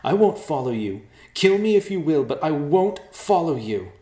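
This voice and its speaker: A grieving young woman, shrill and defiant, her voice climbing high in anger, as a deep-voiced man puts her on. The reading rings in an echoey room. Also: normal speed, close to an everyday voice. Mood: furious. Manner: shrill, pleading, furious outbursts.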